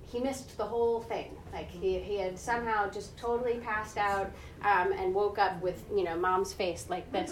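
A woman's voice: mid-range voice, fairly even intonation, normal speed, few pauses. A woman in her forties gives a conversational sermon built around a personal story, often checking in with "right?" and acting out the voices in it. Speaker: preacher. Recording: echoey room heard from a distance.

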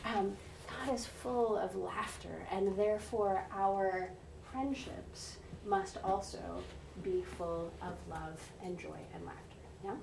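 A woman's voice: medium pitch, slow, creaky, darkish tone, slight background noise. A woman in her forties gives a conversational sermon built around a personal story, often checking in with "right?" and acting out the voices in it. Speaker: preacher. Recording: echoey room heard from a distance.

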